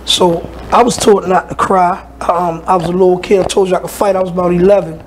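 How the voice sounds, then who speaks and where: A man guest telling a personal story in an animated way, acting out the voices in it. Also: sits high, brisk, a crowd in the background, low-quality recording. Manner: animated, acts out voices in his stories.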